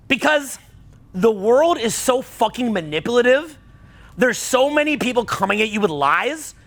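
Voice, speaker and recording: Coaching a seminar crowd on dating and social skills, this middle-aged man is blunt and foul-mouthed and at times erupts heatedly. His voice sits high, gravelly and a bit bright.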